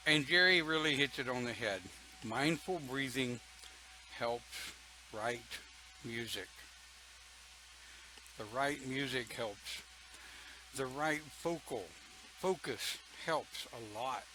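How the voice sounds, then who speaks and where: Slow, folksy older man. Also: mid-range voice, pushed and bright, slight background noise, rough recording. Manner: folksy and chatty, laughing often. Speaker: pagan church leader. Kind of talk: casual talk to an online congregation, reading comments.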